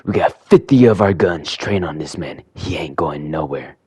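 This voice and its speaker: A man voicing a cool, menacing male crime boss who talks in a slow, low drawl. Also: expressive, darkish tone, husky, no room sound, studio quality, heavily acted.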